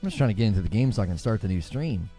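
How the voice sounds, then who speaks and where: A man hosting a casual live gaming stream, chatting in a rambling, animated way with lots of fillers. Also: lowish voice, very fast, faint music behind.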